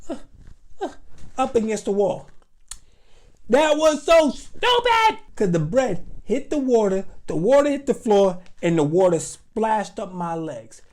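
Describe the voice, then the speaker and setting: A man telling a comic childhood story as a vlogger, animated and dramatic, with slang and sudden outbursts. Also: high voice, unhurried.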